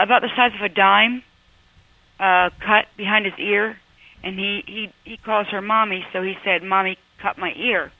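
Caller, female, hesitant and emotional, gravelly edge, tinny phone line, dry. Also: medium pitch, no echo. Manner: hesitant, many ums, emotional. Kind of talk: phone-in call to advice show.

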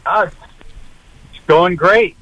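A man's voice: sits high, slow pace, bright, forceful tone. A man calling in to a radio show, asking a question in a hesitant, searching way with many fillers. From California. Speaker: caller. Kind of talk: phone-in question. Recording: dull dry phone line.

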